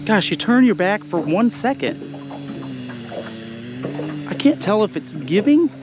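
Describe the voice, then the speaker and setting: Excitable man fishing on a boat. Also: high-pitched, a little slow, music in the background. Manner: excitable, laughs a lot, talks to viewers. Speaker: fishing vlogger. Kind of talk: excited fishing vlog commentary. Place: outdoors on a boat on a lake. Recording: noisy outdoor boat recording.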